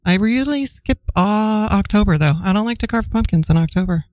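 A woman's voice: medium pitch, lively intonation, brisk, a little mellow, no echo, voice pushed up, close to an everyday voice. A woman improvising a menacing partner who carves pumpkins with a knife, sweetly threatening. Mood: playful.

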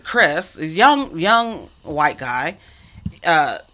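A woman's voice: deep voice, very animated, drawn-out words, bright, forceful tone. A woman telling a personal story in casual conversation, earnest and emphatic, sometimes dropping to a near whisper.

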